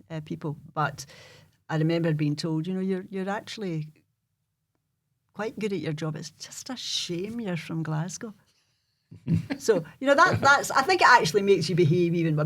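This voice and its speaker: A Glaswegian man in casual podcast chat, making quick asides. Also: fairly high pitch, a bit bright. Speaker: podcast co-host.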